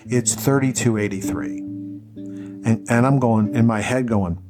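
A man chatting casually and telling an animated story, acting out what people said. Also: medium pitch, slow, over music. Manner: animated storyteller, acts out quotes.

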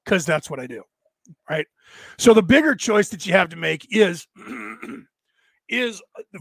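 A man's voice: high voice, sing-song, takes it slowly, creaky, pauses often, a bit bright, no echo. A man hosting a podcast, giving a rambling, emphatic spiritual monologue in a conversational way. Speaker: podcast host.

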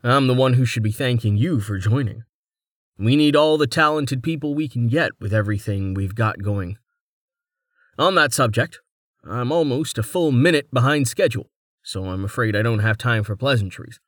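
A man voicing a brisk young male captain who talks casually and gets straight to business. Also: medium pitch, dry recording, studio quality, natural voice.

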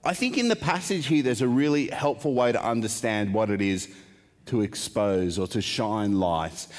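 A man's voice: mid-range voice, a little mellow. A man preaching a sermon in a conversational way, putting questions to the congregation and adding wry asides. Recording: long hall reverb.

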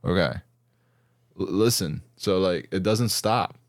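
A man's voice: low-pitched, slow pace, no echo, clean studio sound. A man from Brazil co-hosting a podcast in casual chat, teasing and swearing a lot. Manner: crude, teasing, heavy swearing. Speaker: podcast co-host.

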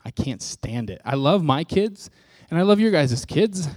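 This is a man preaching a personal testimony sermon in a high-ish, darkish voice, very animated yet unhurried, on a dry recording. He narrates his story openly, makes fun of himself, and voices the quotes of people he met.

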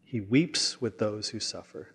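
A man's voice: lowish voice, unhurried, creaky, a bit bright, breathy edge. A man preaching a sermon as a pastor, talking earnestly and often restarting his words.

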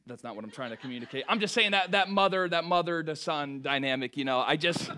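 A young man preaching a sermon, lively and joking with the crowd, often stumbling over and restarting his words. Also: fairly high pitch, fast talker. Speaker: pastor.

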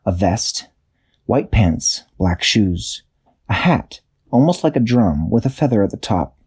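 A man improvising a children's bedtime story, unhurried, searching for words and correcting himself. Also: on the low side, sing-song, a little mellow, husky.

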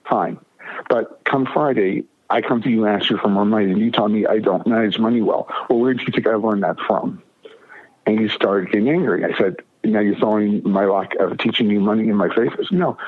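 A man's voice: on the low side, slightly rough. A man telling a personal story as an interview guest, emphatic and often repeating or restarting his phrases. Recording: narrow phone-like radio audio.

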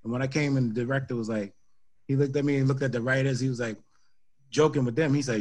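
A man's voice: medium pitch, fairly even intonation, fast talker, a little mellow. A man who is a guest comedian, telling stories in a casual talk-show chat and repeating points for emphasis. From Brooklyn, New York.

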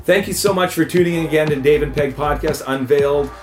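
A man co-hosting a podcast in a casual chat, telling stories with lively acted-out quotes. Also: on the high side, fast talker, roomy sound, soft background music. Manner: animated storyteller, acts out quoted voices. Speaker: podcast co-host.

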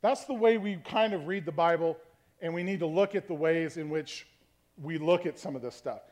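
A man's voice: fairly high pitch, moderate pace, a little mellow. A man preaching a conversational sermon, teaching from scripture and checking in with his listeners, often asking "okay?". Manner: varies tone to demonstrate meanings. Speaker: pastor.

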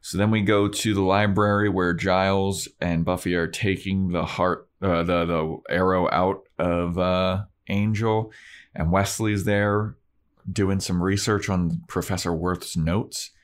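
A man's voice: low voice, flat delivery, a little slow. A man co-hosting a casual chat, retelling a story in a laid-back, rambling way. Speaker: podcast co-host.

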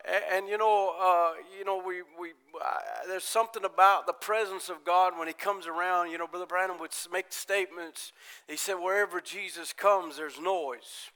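A man preaching in church, his voice high and clear. He tells stories full of quoted voices and lifts from easy talk into ringing, fervent preaching. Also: little pitch movement, normal speed. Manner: builds from quiet talk to loud, high-pitched preaching. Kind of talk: Pentecostal-style sermon.

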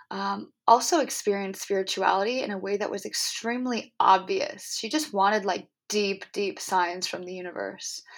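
A young adult woman hosting a podcast, telling an emotional spiritual story in an earnest, rambling way with many fillers and restarts. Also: mid-range voice. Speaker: podcast host.

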